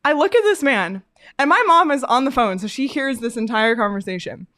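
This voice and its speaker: A woman's voice: fairly high pitch, fairly quick. A woman co-hosting a sports podcast, casually telling a story with lots of laughs and fillers. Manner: animated, laughs often, frequent fillers. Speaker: podcast co-host.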